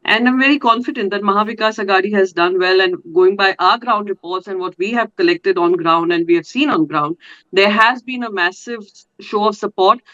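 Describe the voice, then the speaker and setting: Indian woman politician on a tv panel, bright pushy voice, lots of uhs, muffled remote line. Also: mid-range voice, fairly quick. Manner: insistent, many fillers and restarts. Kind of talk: televised debate.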